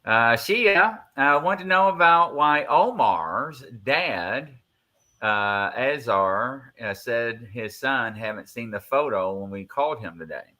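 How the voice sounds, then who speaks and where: A man's voice: medium pitch, expressive, slow pace, bright, forceful tone. A man hosting a casual live podcast, reading listener questions and teasing his co-hosts with a playful, laughing manner.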